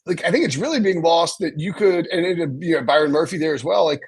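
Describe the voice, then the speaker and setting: A man's voice: fairly high pitch, expressive, fast, husky. A man hosting a casual sports podcast chat, rambling with many restarts. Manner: rambling, lots of restarts and fillers. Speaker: podcast host.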